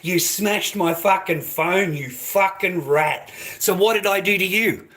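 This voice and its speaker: An older Australian man ranting in a profane monologue, aggressive and swearing constantly with loud outbursts. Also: sits high, measured pace. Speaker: vlogger.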